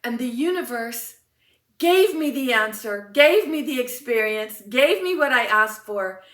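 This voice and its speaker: A woman with a high voice shares a personal story as a motivational speaker, animated and enthusiastic. The sound is in an echoey room. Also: unhurried, recorded from a distance.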